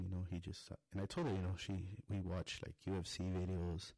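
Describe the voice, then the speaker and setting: A father tells a rambling comedy monologue story, swearing heavily and acting out quoted lines. His voice sits low with a level tone, fast but mellow, recorded with no echo.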